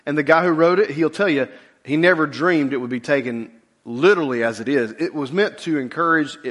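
A middle-aged man preaching a sermon as a pastor, in a relaxed conversational way with lively asides. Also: medium pitch.

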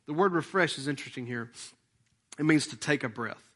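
Guy preaching, chatty then suddenly punchy and loud, fairly high voice. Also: a little fast. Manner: lively, conversational preaching with sudden loud emphatic bursts; leads the congregation in breathing exercises. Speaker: pastor. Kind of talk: sermon.

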